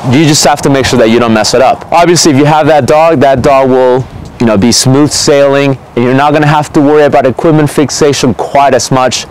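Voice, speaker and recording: Male dog trainer, mid-pitched voice, casual teaching talk, recorded outside with faint traffic behind. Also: brisk, poor audio. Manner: relaxed, conversational, frequent "okay?" check-ins.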